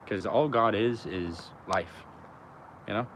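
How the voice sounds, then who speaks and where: A young man with a lowish voice muses on life and spirituality, talking loosely and swearing freely. He drifts through slang and filler as he goes. A faint outdoor noise hums behind him. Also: slow, a bit bright. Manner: loose and slangy, heavy on "you know" and "like", swears often. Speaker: vlogger. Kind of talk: rambling spiritual musing to camera.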